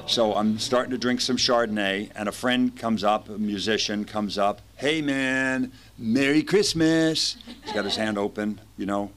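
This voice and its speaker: A man in his fifties telling his story at a recovery meeting, lively, acting out the voices of people in it. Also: fairly low pitch, normal speed, hardly any pauses. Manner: animated storyteller, acts out quoted voices.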